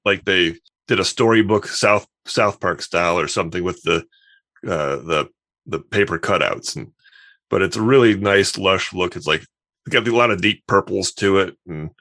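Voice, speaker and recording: A man with a very low, gravelly voice, chatting casually about games. He talks with easy enthusiasm, often pausing to restart his thoughts. The sound is close and dry. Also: fairly bright tone, no room sound. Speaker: podcast co-host. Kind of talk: casual chat.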